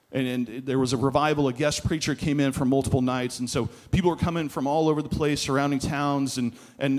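A male pastor delivers a sermon through storytelling. His mid-pitched voice slows for emphasis on the lines he wants to land. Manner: storytelling, emphatic with slowed key phrases.

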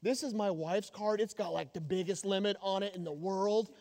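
A man voicing a boastful rich male churchgoer who brags in a low, muttered, smug tone. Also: normal speed, a little mellow. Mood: bragging. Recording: long hall reverb.

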